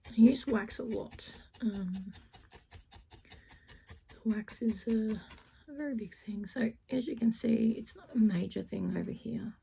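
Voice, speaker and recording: A woman crafter chatting casually through a felting tutorial, self-deprecating, often dropping into a soft half-whisper. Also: on the high side, a little slow, vocal fry, breathy edge, poor audio. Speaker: crafter demonstrating needle felting.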